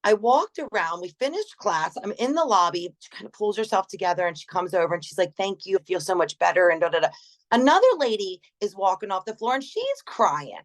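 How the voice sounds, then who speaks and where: A woman's voice: mid-range voice, a little fast. A middle-aged woman, a gym manager, chatting in an interview, telling stories with laughs and acted-out quotes. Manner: animated, laughs often, acts out quoted voices. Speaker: gym general manager, guest. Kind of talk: casual interview storytelling.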